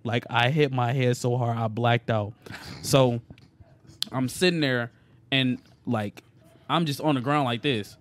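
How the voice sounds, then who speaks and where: Young guy hosting a podcast, animated slangy storytelling, mid voice. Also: mid-range voice, measured pace, long pauses. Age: young adult. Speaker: podcast host. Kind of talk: casual podcast chat.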